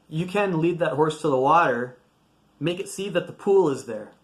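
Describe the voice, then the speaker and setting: Blunt, chatty man giving advice. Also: fairly high pitch. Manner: blunt, conversational, acts out quoted voices. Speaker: video blogger giving life advice. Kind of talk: direct-to-camera advice monologue.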